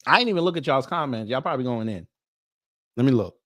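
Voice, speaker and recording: A man's voice: mid-range voice, expressive, fast, a bit bright. Joking man reacting to his viewers. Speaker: commentary streamer. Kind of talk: casual reaction commentary.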